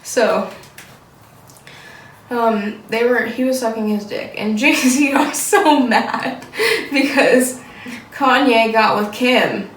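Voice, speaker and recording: A slow-talking woman with a higher voice rambles and giggles through a casual chat. She sits back from the mic in an echoey room, with a faint hiss underneath. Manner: giggly, rambling, loses track. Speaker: co-host. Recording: roomy, distant mic, faint background noise.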